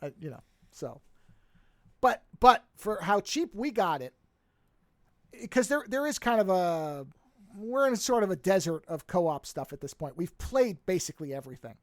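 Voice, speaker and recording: Lively, animated podcast co-host. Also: medium pitch, no echo, studio quality. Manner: animated, rambling, frequent restarts. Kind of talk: casual podcast chat.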